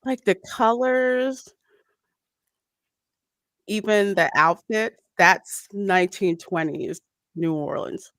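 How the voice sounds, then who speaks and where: A woman's voice: medium pitch, slow, long pauses, a bit bright, dry recording, clean studio sound. A woman hosting a film watch party, chatting casually and reading viewer comments aloud.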